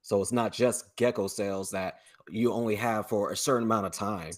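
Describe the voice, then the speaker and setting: A man's voice: on the low side, fairly even intonation, moderate pace. A man hosting a podcast in an easygoing, affirming way. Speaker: podcast host. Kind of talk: casual podcast conversation.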